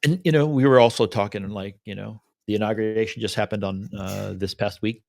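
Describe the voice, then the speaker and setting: Casting: male co-host, low voice, dry close sound, easygoing storyteller. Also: steady tone, a little fast, vocal fry, a little mellow, no echo. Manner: laid-back, retells stories with voiced asides. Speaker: podcast co-host. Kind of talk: casual reflective chat.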